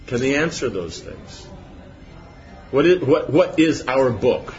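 A man's voice: mid-range voice, lively intonation, slow, long pauses, darkish tone, highs cut off. A man giving an informal spiritual class, rambling with many rhetorical questions and asides. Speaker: spiritual teacher.

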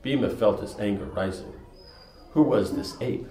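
Man, storyteller and teacher, low voice, conversational, many fillers, roomy echo. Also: normal speed, mellow. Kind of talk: reading a scripture story with casual commentary.

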